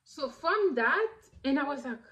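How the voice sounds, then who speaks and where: A woman in her thirties whose first language is French, telling a personal story in a lively way, with many fillers and bursts of laughter. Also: high-pitched, unhurried. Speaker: vlogger. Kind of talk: casual storytelling.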